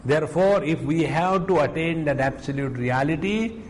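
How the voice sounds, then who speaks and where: A man with an Indian English accent, a spiritual teacher giving an unhurried scripture discourse, mixing in stories and Sanskrit verses. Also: on the high side, a little hiss or hum, rough recording.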